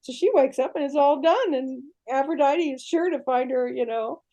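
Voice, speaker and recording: Older woman, animated storyteller. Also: sits high, normal speed. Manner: animated storyteller who checks in with the listener. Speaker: guest. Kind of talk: storytelling in a podcast interview.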